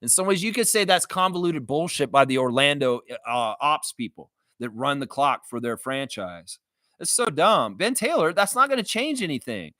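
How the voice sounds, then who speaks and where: A man's voice: on the high side, moderate pace, dry recording. A man hosting a live sports reaction stream, ranting with lots of swearing over a close, dry mic. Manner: animated, profane, ranting. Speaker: livestream reaction host.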